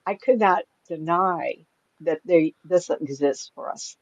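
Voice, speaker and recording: An older woman in casual conversation, her voice set fairly low and recorded dry with dull, lo-fi sound. She rambles through her stories, breaks into laughter, and puts on other people's voices as she quotes them. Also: takes it slowly, a little mellow, no room sound. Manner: chatty, laughs often, acts out quoted voices. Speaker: psychic medium guest. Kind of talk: casual storytelling. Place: home.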